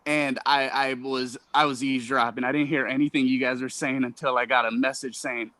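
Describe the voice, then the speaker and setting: A man's voice: medium pitch, fairly even intonation, fairly quick, sharp tone, dry recording. A man, a stand-up comedian, chatting in a rambling, self-mocking way over a video call from his apartment. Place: apartment room at home.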